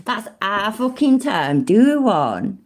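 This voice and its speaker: A woman's voice: mid-range voice, very animated, slow pace. A British woman hosting a reaction video, commenting casually in a sweary, sarcastic way and laughing often.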